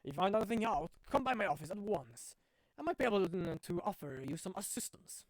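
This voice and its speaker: A man voicing a pompous older male lawyer who rambles nostalgically in a slow drawl. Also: high-pitched, big pitch swings, no room sound, heavily acted.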